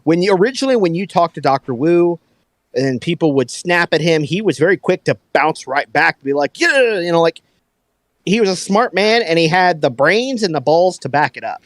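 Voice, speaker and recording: A man on a headset mic, hosting a casual movie talk and acting out quotes with lively energy. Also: fairly high pitch, fairly quick, no echo. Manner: animated, acts out quotes, talks to his dog. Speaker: podcast host.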